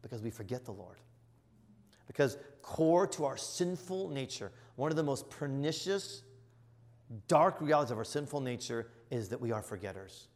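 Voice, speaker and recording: Earnest middle-aged preacher in a reverberant hall. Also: male voice, medium pitch, animated, moderate pace. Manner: earnest and emphatic, surging to loud exclamations. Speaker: bishop. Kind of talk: sermon-style teaching. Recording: long reverb of a large hall.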